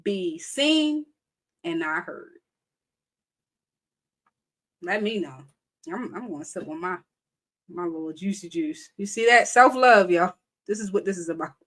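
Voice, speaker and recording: Animated woman hosting a live chat. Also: on the low side, unhurried, pauses often. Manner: animated, conversational, laughs often, reads viewer comments aloud. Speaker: live show host. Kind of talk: casual live-stream chat.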